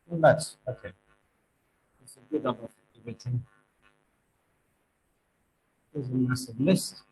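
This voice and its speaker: A man teaching speaking exam tips, stressing key words and slowing down to make points. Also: mid-range voice, darkish tone, soft background music, low-quality recording. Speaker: IELTS tutor.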